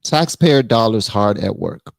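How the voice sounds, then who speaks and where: Gravelly blunt man streaming. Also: fairly low pitch, a little slow, no room sound. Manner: blunt, animated, reads super chats aloud. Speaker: live stream host. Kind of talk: casual political commentary live stream.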